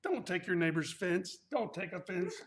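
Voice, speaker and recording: A man's voice: high voice, animated, normal speed. A male martial arts instructor leading a live workout class, counting reps aloud and cracking playful, corny puns in an echoey studio. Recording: echoey room.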